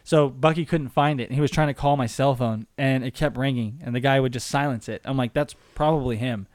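A young man telling a story in casual chat, animated and swearing, acting out the people in it. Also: mid-range voice, brisk, no room sound. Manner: animated storytelling, acts out voices, swears and laughs a lot.

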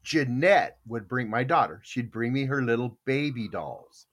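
A man's voice: medium pitch, animated, a little slow, a bit bright. A middle-aged man hosting a casual morning chat show, telling rambling jokey stories and laughing often. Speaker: show host.

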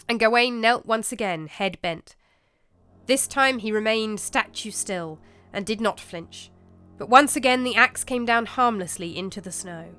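A woman narrating a story in a measured, expressive storybook manner. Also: medium pitch, faint music behind.

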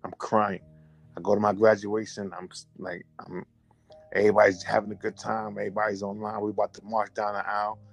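Lowish voiced guy telling a story, animated, repeats himself a lot, faint music behind. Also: brisk, gravelly, slightly rough. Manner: animated, repetitive, restarts and self-corrections. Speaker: storyteller recounting a memory. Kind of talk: casual conversational storytelling.

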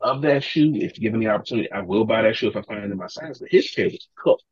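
Husky guy telling a story, does everyone's lines, low voice, kinda muffled dry mic. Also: fast, no echo. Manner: animated, acts out quotes, swears freely. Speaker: podcast guest, sneaker collector. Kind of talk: casual storytelling.

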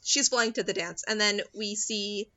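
Young woman rambling thru a movie recap, bright edgy voice, kinda lo-fi muffled sound. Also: mid-range voice, steady tone, moderate pace. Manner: rambling, giggly, acts out characters' lines. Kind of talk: casual chat recapping a movie. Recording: dull lo-fi sound.

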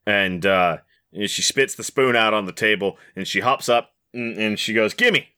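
A man's voice: on the low side, moderate pace, pushed and bright, clear, resonant tone. A man narrating as game master in a loose, joking way with many fillers.

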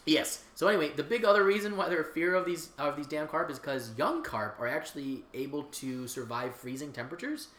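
Profane joking woman, bright echoey voice. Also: deep voice, expressive, brisk, few pauses. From Chicago. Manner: loud, profane, riffing. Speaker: podcast co-host. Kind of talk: casual comedic chat. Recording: echoey room.

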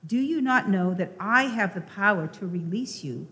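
A woman reading the lines of a stern male Roman governor in a measured, plain scripture reading. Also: mid-range voice, lively intonation, pushed and bright. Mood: questioning. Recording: reverberant church hall.

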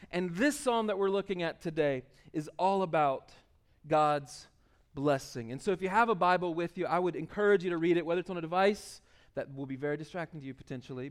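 A man preaching a sermon as pastor, talking conversationally, with restarts and emphatic swells, and slowing down to read scripture aloud. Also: fairly high pitch.

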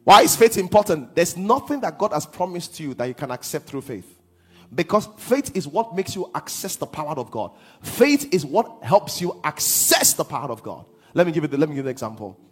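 A man preaching a sermon as pastor, swinging from hushed lines to half-sung shouts. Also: fairly high pitch, breathy edge.

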